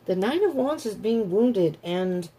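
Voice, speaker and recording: A woman's voice: medium pitch, lively intonation, a little slow, warm tone, breathy edge. A woman giving a casual tarot reading, talking bluntly and animatedly, often laughing and acting out the people she describes. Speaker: tarot reader.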